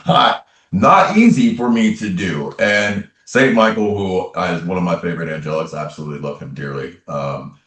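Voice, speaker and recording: A man's voice: deep voice, a bit bright, echoey room, recorded from a distance. A man being interviewed as a spiritual medium, telling his personal story in an earnest way and repeating phrases for emphasis. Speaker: interview guest, tarot reader and medium.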